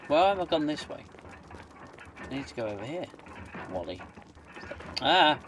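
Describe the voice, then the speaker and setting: This let's-play host's voice is a little high, somewhat bright, and sing-song, at a measured pace. He mutters casual commentary while gaming and drops in playful asides, with slight background noise.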